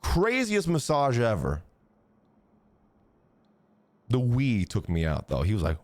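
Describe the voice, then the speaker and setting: A man talks to his live chat from a dry, close desk mic. His pitch swings widely as he tells a crude story. He swears freely and keeps a casual, animated delivery. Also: takes it slowly, pauses often, no echo. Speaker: streamer.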